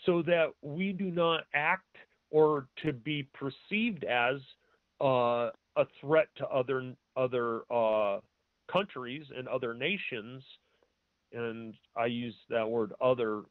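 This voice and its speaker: Brief: a man doing a slow, hesitant talk-show monologue, mid-pitched, on a dry, phone-like line. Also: no echo. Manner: hesitant, with many pauses and filler words; reads documents aloud, spelling out capitals and punctuation.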